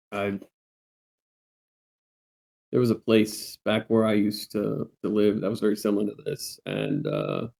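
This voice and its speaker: A man voicing his character, a gruff former head of military, talking haltingly and earnestly. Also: fairly low pitch. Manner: halting, plainspoken, gently earnest. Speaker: player.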